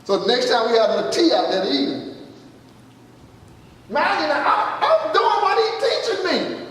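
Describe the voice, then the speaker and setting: A man's voice: very high voice, animated, normal speed, a bit bright. A man pastor telling a testimony in a sermon, acting out the dialogue and asking the congregation if they are listening. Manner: storytelling, acting out dialogue, calls out "you listening?". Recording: echoey hall from far off, faint noise.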